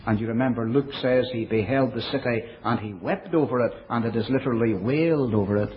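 A man preaching a sermon in a measured way, dropping his voice low and soft for quoted verses. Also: slight background noise. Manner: measured preaching, quoting scripture in older English. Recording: dull, lo-fi recording.

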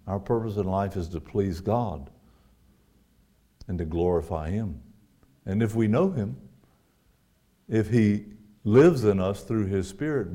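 A man delivers a sermon in a low, mellow voice. He is earnest, rising to emphatic peaks before falling back to quiet reflection. He reads scripture in a measured, steady cadence. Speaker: preacher.

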